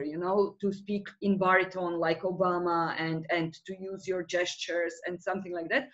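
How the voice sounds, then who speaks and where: A woman's voice: mid-range voice, dull audio. A woman being interviewed as a researcher, explaining her ideas thoughtfully with frequent hesitations. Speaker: guest researcher in rhetoric. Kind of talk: academic interview.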